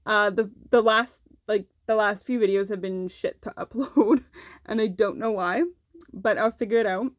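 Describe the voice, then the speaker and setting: A woman's voice: mid-range voice, steady tone, moderate pace, dry recording, dull audio. Candid young woman vlogger, dry sound. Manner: candid, swears freely, heavy use of "like". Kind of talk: casual storytelling vlog.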